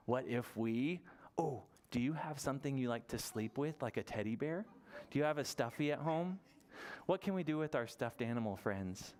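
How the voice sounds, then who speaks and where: A man's voice: mid-range voice, expressive, moderate pace, a little mellow. A man leading a library toddler story time, talking in a playful, sing-song way and coaxing small children with questions.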